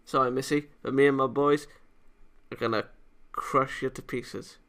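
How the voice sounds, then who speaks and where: A man's voice: medium pitch, steady tone, moderate pace, a bit bright. Man doing a short-tempered thug boss. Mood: menacing. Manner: threatening, gruff. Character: menacing male thug leader, short-tempered.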